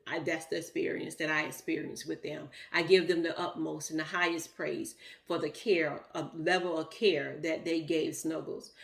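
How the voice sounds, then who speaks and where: A woman's voice: low-pitched, flat delivery, normal speed, gravelly, few pauses. A middle-aged woman, telling a heartfelt personal story in a rambling, emotional way with many fillers. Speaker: vlogger.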